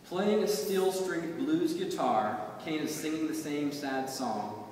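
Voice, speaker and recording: A man reciting his own poems in a measured, rhythmic way at a reading. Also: fairly high pitch, expressive, darkish tone, a little hiss or hum. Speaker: poet. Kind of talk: poetry reading. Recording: echoey hall from far off.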